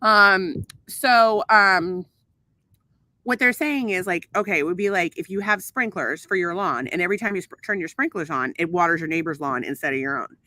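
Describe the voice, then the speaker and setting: A woman's voice: lowish voice, moderate pace, sharp tone, no echo. A woman co-hosting a casual podcast, talking with lots of swearing and filler ums in an exasperated way. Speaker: podcast co-host. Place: outdoors at a home pool.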